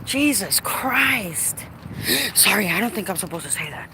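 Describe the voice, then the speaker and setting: A woman's voice: medium pitch, lively intonation, a little fast. Playful woman vlogging outdoors by her car. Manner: chatty, playful, talks to her car and viewers. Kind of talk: casual live-stream chat. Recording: outdoor recording with clear background noise.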